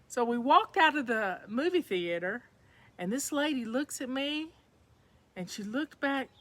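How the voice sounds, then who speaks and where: A Southern woman talks easily to her viewers from home, folksy and chatty. Her voice sits a little high and sounds bright and lively. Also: a little slow, no room sound. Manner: folksy, chatty, says y'all to her audience. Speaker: livestream host. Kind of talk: casual chat to viewers.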